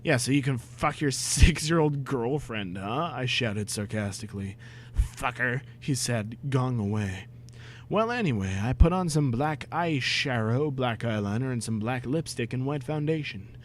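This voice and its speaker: A young man reading a badly written story aloud, breaking off for sarcastic, exasperated asides and shouted outbursts. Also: medium pitch, lively intonation, unhurried, slight background noise. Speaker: comedic reader. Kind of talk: dramatic reading with mocking commentary.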